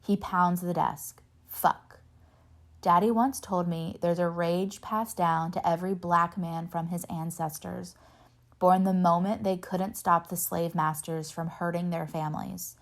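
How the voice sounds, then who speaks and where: A woman reading a novel aloud in steady first-person narration, lightly voicing the dialogue. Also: on the low side, unhurried. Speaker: reader.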